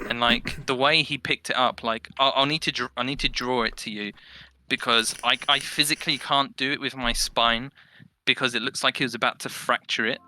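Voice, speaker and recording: Brief: young man on a headset, very bright voice, rambling animated storyteller. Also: mid-range voice, brisk, slight background noise. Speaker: podcast guest. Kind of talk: casual chat.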